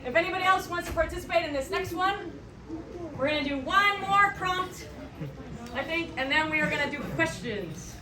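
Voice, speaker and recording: A woman hosting a live convention panel, energetically narrating improv prompts and shouting cues to the performers. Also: extremely high pitch, moderate pace. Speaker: panel host. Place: large indoor convention panel room. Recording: far from the mic in a crowded, noisy hall.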